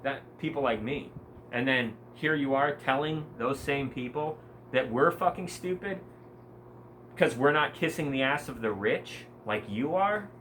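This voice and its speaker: A young man venting in a furious, foul-mouthed rant, sneering and mocking as he goes. His voice is of ordinary middle pitch, with a faint hiss of noise behind him. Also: a little slow, fairly bright tone, low-quality recording. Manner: angry, profane, scornful ranting with mocking asides. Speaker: vlogger. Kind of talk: ranting monologue.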